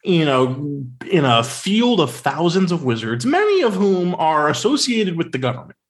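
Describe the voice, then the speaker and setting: A man co-hosting a podcast in casual film talk, sarcastic and animated, with many fillers. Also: fairly high pitch, normal speed. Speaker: podcast co-host.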